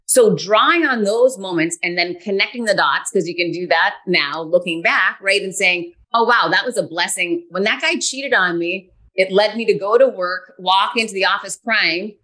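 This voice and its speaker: Bright-voiced woman in her forties. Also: mid-range voice, moderate pace. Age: 40s. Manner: earnest, animated, acts out her own past thoughts. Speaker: guest. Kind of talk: candid conversational storytelling.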